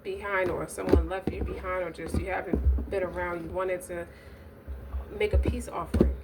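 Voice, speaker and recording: A woman's voice: fairly low pitch, fairly even intonation, moderate pace, distant mic, loud music behind the voice. A woman giving a casual tarot reading, blunt and profane, rambling with asides and restarts. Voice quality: blunt, profane, streetwise talk. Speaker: tarot reader. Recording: noisy recording, voice set back from mic.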